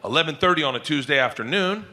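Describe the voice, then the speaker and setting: A man doing a stand-up comedy set on a stage, telling a story loudly, shouting punchlines and acting out the other voices. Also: a little high, lively intonation, fast, background noise. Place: comedy stage before a live audience. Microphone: handheld stage mic.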